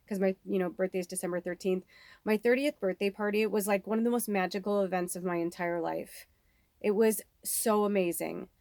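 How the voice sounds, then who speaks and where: The speaker, a psychic medium in her thirties, has a medium-pitched voice recorded with no echo. Her casual spiritual reading monologue is candid and rambling, with plenty of swearing.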